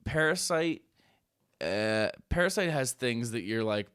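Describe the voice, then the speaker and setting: A man co-hosting a podcast, chatting casually and telling stories with animated, swearing energy. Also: mid-range voice, a little slow, smooth, no echo, studio quality. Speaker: podcast co-host. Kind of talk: casual chat.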